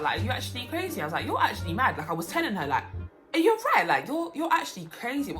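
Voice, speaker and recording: Young woman, low-pitched, animated storytime vlog, music behind. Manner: animated, swings into loud high outbursts. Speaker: waitress telling a story.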